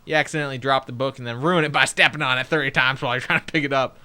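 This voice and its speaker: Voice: mid-range voice, fairly even intonation, very fast, pushed and bright, clean tone. A let's play host giving casual gameplay commentary, reading game text aloud with joking asides, chatting to viewers, swearing and laughing now and then.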